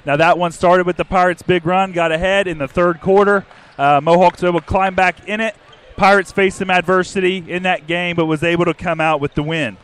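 Upbeat high-voiced male sports co-host. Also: steady tone, a bit bright, smooth. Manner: upbeat, announcer-like, reads numbers out slowly. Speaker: co-host of a fan sports podcast. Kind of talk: pregame sports broadcast banter.

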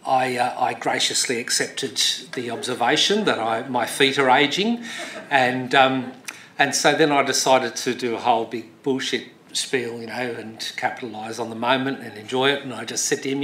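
A man's voice: mid-range voice, fairly even intonation, normal speed, fairly bright tone, a little hiss or hum. A middle-aged man giving a speech, telling a story loosely with many fillers and restarts, then turning rousing and emphatic. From Australia. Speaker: speaker. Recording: echoey hall recording.

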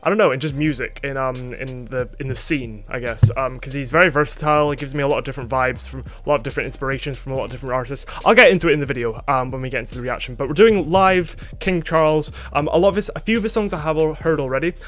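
A man's voice: medium pitch, fast, few pauses. A young man from Scotland chatting casually as a music reaction host, rambling and self-mocking with plenty of fillers.

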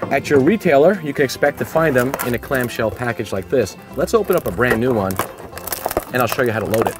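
A man's voice: mid-range voice, animated, fast talker, music in the background. A man hosting a product review, talking casually and upbeat as he explains each step of a demonstration outdoors.

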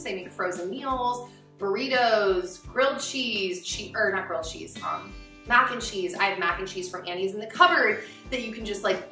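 A woman's voice: medium pitch, sharp tone, roomy sound, recorded from a distance. A young adult woman casually reviewing snacks in a chatty, upbeat vlog, with many "like" fillers. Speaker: vlogger.

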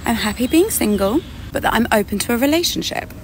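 A woman's voice: a little high, expressive, quick pace, slight background noise. A woman telling a dating story in a dramatic, sarcastic storytime monologue. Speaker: storyteller in a clip being reacted to.

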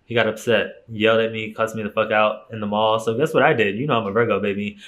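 A man's voice: lowish voice, fairly even intonation, fast, a bit bright, dull audio. A young man telling a personal story straight to camera in a casual vlog, candid and emphatic, swearing freely. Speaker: YouTuber.

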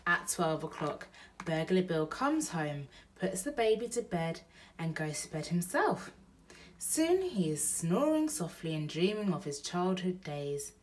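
A mother reading a bedtime storybook aloud to her baby in a slow, gentle pace. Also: lowish voice, big pitch swings, distant mic, slight background noise.

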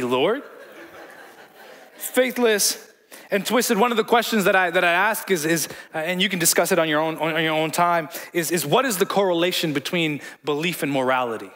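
Pastor guy preaching in a church hall, chatty, trips over his words, high voice. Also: pushed and bright. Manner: conversational, repeats words, jokes with the congregation. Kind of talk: sermon.

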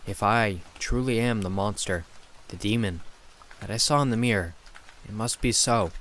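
A man narrating a scary story in a steady, dramatic storytelling manner. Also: fairly low pitch, moderate pace, slight background noise. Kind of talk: scripted horror narration.

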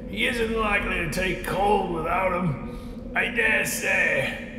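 A man's voice: high-pitched, bright, forceful tone, full character voice. A man voicing a blunt, gossiping charwoman who is defending her thieving, in a defiant storybook reading. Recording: echoey hall with background noise.

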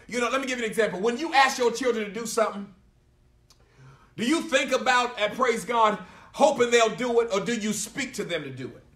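A man, preaching a sermon as pastor in a church, emphatic and repetitive, punctuating lines with "praise God" and building to shouts. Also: very high-pitched, lively intonation, fairly quick, echoey room, recorded from a distance. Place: church sanctuary.

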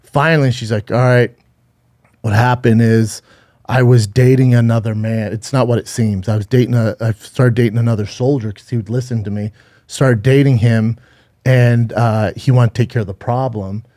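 A man's voice: medium pitch, steady tone, normal speed, dark tone. A man co-hosting a podcast, telling a true-crime story in a rambling, profane way with frequent restarts. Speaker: podcast co-host. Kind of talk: casual storytelling chat.

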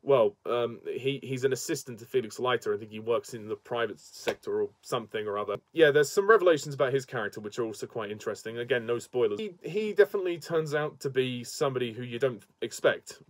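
A man's voice: mid-range voice, fast, hardly any pauses, no echo. A man giving a casual, enthusiastic spoken movie review, chatty and laughing often. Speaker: film reviewer.

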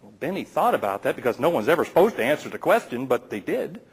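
A man's voice: mid-range voice, sing-song, quick pace, husky, poor audio. A man telling a playful folk tale aloud to a live audience, with teasing asides to the listeners. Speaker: storyteller.

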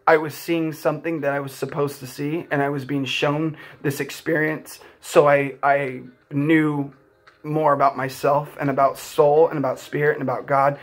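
Young male vlogger with a slightly raised pitch, sincere and rambling, speaks from the heart. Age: young adult. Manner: heartfelt, rambling, many "like" fillers. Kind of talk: earnest personal storytelling.

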